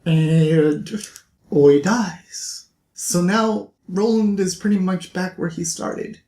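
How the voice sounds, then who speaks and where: Animated man recapping a book. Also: high voice, slow pace. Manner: animated, playful sign-off. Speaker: book vlogger. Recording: roomy echo.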